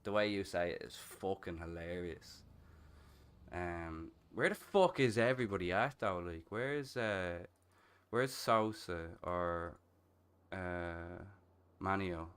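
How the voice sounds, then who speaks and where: A man in his thirties with an Irish accent, chatting casually and crudely while streaming a game, swearing often and breaking into loud laughs. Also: low-pitched, takes it slowly, smooth. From Ireland. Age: 30s. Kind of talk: casual chat while gaming.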